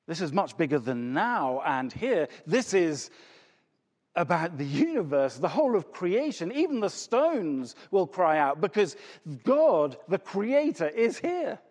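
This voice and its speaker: A man's voice: high-pitched, very animated, a little slow, darkish tone. A man preaching a sermon with emphasis, asking rhetorical questions and repeating words for effect. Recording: long reverb of a large hall.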